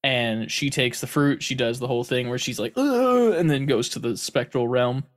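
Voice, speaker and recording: Male co-host, mid-pitched voice, excitable gamer chatter, playful with accents. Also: normal speed. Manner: animated, slips into silly accents. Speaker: podcast co-host. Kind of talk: casual chat.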